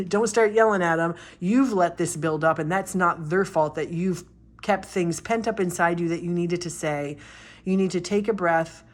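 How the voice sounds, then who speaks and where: A woman reading tarot cards in a casual, blunt, animated way, swearing freely and acting out confrontations. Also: fairly low pitch. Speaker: tarot reader and life coach.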